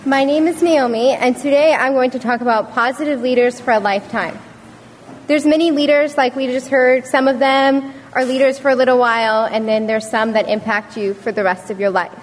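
Young woman, slightly high voice, earnest storytelling speech, reverberant hall. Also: fairly even intonation, fairly quick, a little hiss or hum. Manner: earnest, storytelling with acted quotes. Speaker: student speaker. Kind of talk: prepared speech to an audience.

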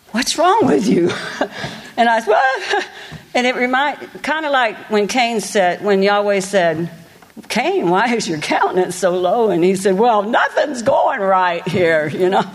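A middle-aged woman shares a personal testimony with a congregation. She talks in an earnest, folksy way, and her preaching is full of quoted asides. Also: medium pitch. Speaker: church speaker.

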